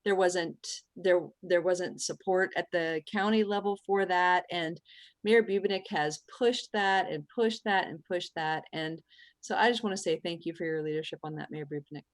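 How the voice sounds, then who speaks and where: A woman's voice: fairly low pitch, normal speed, no echo. A woman speaking as a city councilor at a council meeting, earnest and emphatic, repeating her points.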